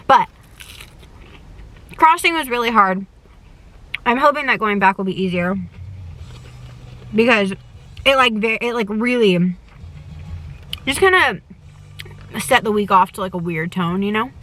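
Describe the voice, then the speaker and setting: A woman's voice: medium pitch, bright, forceful tone. A young woman chatting to her camera from inside a parked car, gushing and eating as she talks, often with her mouth full. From United States. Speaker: travel vlogger. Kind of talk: casual chat to camera while eating.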